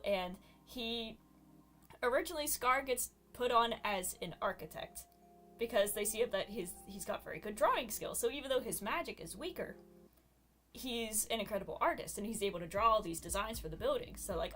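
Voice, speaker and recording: A woman streamer chatting casually and telling stories in an animated, giggly way. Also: on the high side, moderate pace. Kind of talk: casual chat about fan stories.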